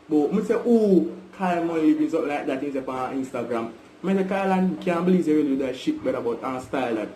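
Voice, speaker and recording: A young Jamaican man confronts his brother over a call, pushing the same point again and again. His voice sits a little high. The room is echoey with a faint hum behind him. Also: brisk, mellow. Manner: repetitive, pressing, keeps calling him brother. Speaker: vlogger.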